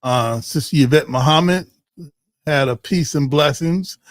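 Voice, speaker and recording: A man's voice: a little high, unhurried, no room sound, clean studio sound. A man hosting a community livestream in a casual, joking way, reading out viewer comments with lots of fillers and restarts. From Ohio.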